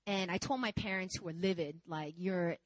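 A woman in her twenties preaching a sermon, telling a personal story in a candid, animated, conversational way. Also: lowish voice, fairly quick, dry recording, low-quality recording. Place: church service.

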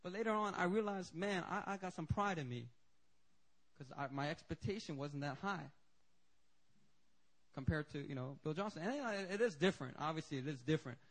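A male pastor preaching a sermon, telling stories in an animated, joking way. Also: fairly high pitch, fairly quick. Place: church service.

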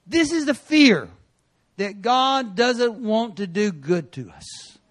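A man preaching in a church sanctuary, his voice sitting high for a man. He tells stories with energy, jumping from loud, punchy lines to quiet asides. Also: takes it slowly. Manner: animated storytelling with sudden loud and quiet turns. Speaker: guest preacher. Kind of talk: sermon.

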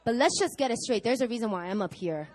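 Woman pastor, middle-aged, preaching, storytelling, acts out quoted voices, higher voice, lively pitch. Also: fast, a faint crowd, slight background noise. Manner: animated storytelling to a congregation, acting out quoted voices. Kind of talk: sermon.

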